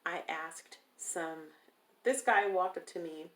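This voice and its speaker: Woman chatting about her own story, deep gravelly voice, acts out what people said, roomy echo. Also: takes it slowly. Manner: animated, acts out quoted people in a raised voice. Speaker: interviewee. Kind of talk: casual personal storytelling.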